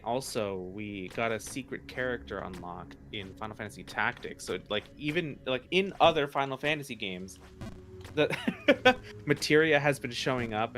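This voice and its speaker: A man's voice: medium pitch, fairly bright tone. A man co-hosting a live stream, playfully reading chat messages aloud and laughing often.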